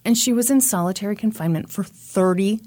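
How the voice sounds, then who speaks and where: A woman's voice: medium pitch, quick pace, mellow, dry recording. A woman hosting a podcast, telling a true crime story in a conversational way with wry asides. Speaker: podcast host.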